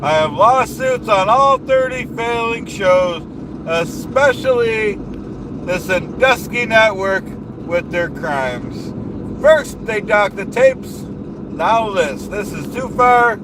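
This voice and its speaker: A man's voice: sits high, lively intonation, takes it slowly. A man doing a comedic in-character rant as a livestreamer, bombastic, boastful and repetitive, recorded in a car. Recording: noisy car interior.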